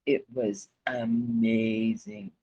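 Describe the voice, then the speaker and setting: A woman's voice: a bass voice, big pitch swings, extremely slow, gravelly, warm tone, slightly rough. A woman telling a personal story in a casual, profane and blunt way, often laughing. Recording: dull lo-fi recording.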